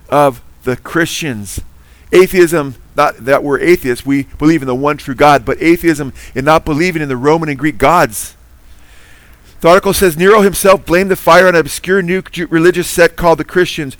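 Male preacher, earnest and emphatic, slightly higher voice, close dry sound. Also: moderate pace, no room sound. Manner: earnest, emphatic, quizzes listeners with Bible trivia. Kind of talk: sermon.

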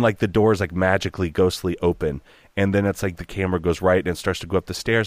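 A man from Oregon, a voice actor, telling a story in an animated, profane way and slipping into character voices. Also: low voice, fast, no room sound. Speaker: guest voice actor. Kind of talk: casual storytelling.

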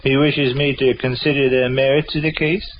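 An actor playing a wry, easygoing middle-aged husband with a drawling, folksy, mildly teasing manner, in 1930s radio acting. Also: male voice, mid-range voice, little pitch movement, moderate pace, natural voice. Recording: dull old radio broadcast with faint hiss.

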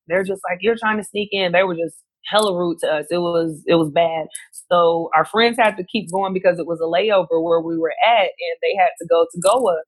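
Woman, lowish voice, animated storytelling, quick delivery, dry close sound. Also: slightly rough, dry recording. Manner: animated, quick, acts out other people's lines. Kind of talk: casual storytelling chat.

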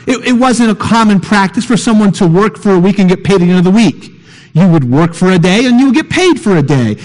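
A middle-aged male pastor preaching a sermon, emphatic and repetitive, swinging between quick bursts and slow, soft stresses. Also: high voice. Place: church sanctuary. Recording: reverberant hall.

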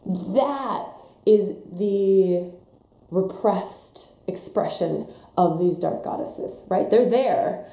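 A woman leading a spiritual workshop talk on a live stream, emphatic, swinging between hushed and loud passages. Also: lowish voice, drawn-out words, reverberant. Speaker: workshop leader.

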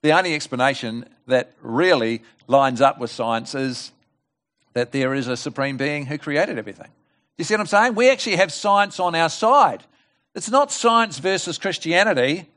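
Lively man preaching a sermon. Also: a little high, moderate pace. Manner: lively, conversational, rhetorical questions to the congregation. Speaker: guest preacher. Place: church service.

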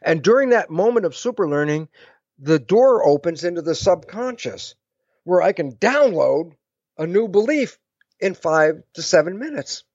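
A man explaining ideas in an interview, animated and acting out both sides of imagined conversations. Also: high-pitched, moderate pace, breathy edge, no echo, highs cut off. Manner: lively, acts out both sides of imagined dialogues. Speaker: guest speaker.

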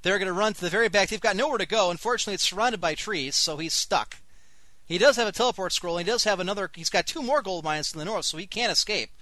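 A man's voice: sits high, fast, bright, forceful tone, no room sound. A man hosting an online radio show, giving live commentary on a strategy game with wry, sarcastic asides. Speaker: host and game caster.

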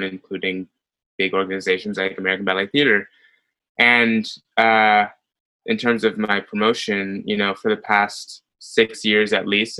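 A young man, a ballet dancer being interviewed, telling stories in a chatty way with many pauses and fillers. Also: lowish voice, low-quality recording. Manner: chatty, many ums, animated retelling. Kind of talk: casual interview storytelling.

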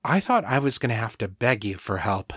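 A man's voice: lowish voice, a little fast, husky, dry recording, studio quality, heavily acted. Man reading a grave, blunt pregnant girl. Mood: flat. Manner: grave, quiet, flat.

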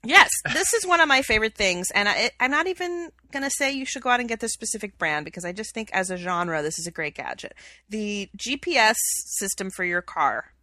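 A woman's voice: medium pitch, animated, a little fast, sharp tone, no echo. A young woman co-hosting a podcast, chatting casually and gushing with enthusiasm. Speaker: podcast co-host. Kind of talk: casual chat.

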